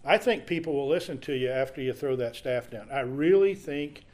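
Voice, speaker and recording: A man's voice: medium pitch, expressive, normal speed, darkish tone. A man leading a casual Bible study, reading scripture aloud and then explaining it in a conversational way.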